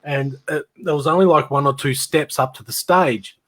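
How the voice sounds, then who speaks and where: A man's voice: on the high side, moderate pace, fairly bright tone. A middle-aged Australian man telling rambling stories about his old band in casual chat, laughing and imitating people as he goes.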